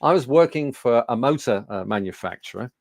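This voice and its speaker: Here the Birmingham speaking coach, a man in his sixties, talks fairly quickly with lively intonation and vocal fry at medium pitch. The recording is dry, and he tells a studio audience anecdotes laced with fillers and self-deprecating humour.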